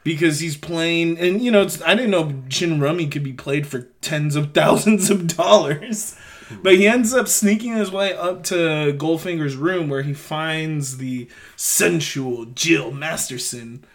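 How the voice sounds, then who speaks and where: High-voiced joking man. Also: a little slow. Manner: jokey and profane, laughs a lot. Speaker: podcast co-host. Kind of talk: casual film recap chat.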